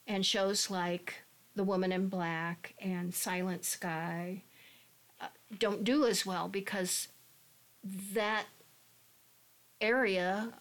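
A middle-aged woman who acts in community theater, chatting candidly in a casual panel discussion. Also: medium pitch.

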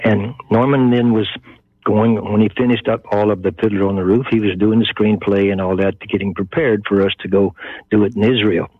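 A man's voice: on the low side, fairly even intonation, fairly quick, husky, no room sound. An older man with a Texan accent, the guest in an interview, telling a story and acting out the voices of the people in it. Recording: muffled phone-line sound.

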